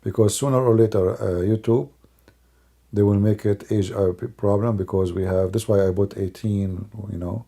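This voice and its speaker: A man's voice: fairly low pitch, fairly even intonation, normal speed, mellow. A man doing live-stream commentary in a mocking, sarcastic way, with non-native English grammar. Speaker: online religious commentator.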